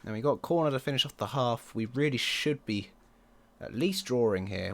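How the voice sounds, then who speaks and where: A man commenting on his own football management game, excitable and quick to groan or yell at the match. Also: mid-range voice, vocal fry. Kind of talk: let's play commentary.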